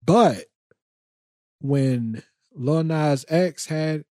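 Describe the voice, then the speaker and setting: A man's voice: fairly high pitch, takes it slowly, a little mellow, dry recording, clean studio sound. Slangy, teasing podcast host man. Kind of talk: casual chat.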